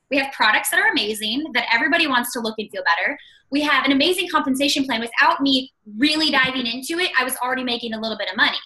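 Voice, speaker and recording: A woman in her thirties tells her story in a chatty, upbeat way. Her voice sits high and bright, and she scatters "like" and "you guys" through her talk. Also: low-quality recording. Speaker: guest speaker. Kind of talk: personal success story on a call.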